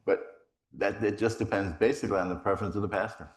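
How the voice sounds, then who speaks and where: A middle-aged man, a priest, giving a rambling, animated retreat talk full of stories and self-deprecating humor. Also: on the low side, fast talker. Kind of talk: conversational retreat conference, storytelling.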